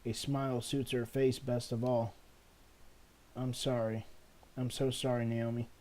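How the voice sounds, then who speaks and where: A man voicing a heartbroken teenage schoolgirl in a game, talking in a high, strained, emotional voice. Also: level tone, measured pace, darkish tone, lightly acted. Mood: upset. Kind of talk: reading game dialogue aloud.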